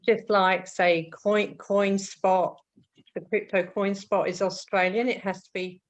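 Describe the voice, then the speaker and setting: A woman's voice: mid-range voice, fairly even intonation, a little slow. A woman moderating a group discussion, reading out questions hesitantly and then answering them.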